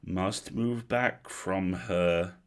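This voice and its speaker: A man voicing a tired, grim male elf captain who barks halting one-word commands in a heavy accent. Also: low-pitched, full character voice. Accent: heavy foreign accent, halting.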